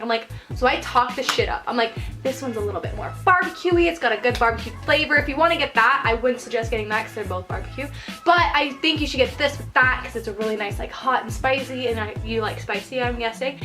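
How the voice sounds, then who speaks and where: A young woman co-hosting a casual chat, telling animated stories and acting out her customers. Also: a little high, quick pace, soft background music. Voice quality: animated storytelling, acts out customers. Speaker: podcast co-host.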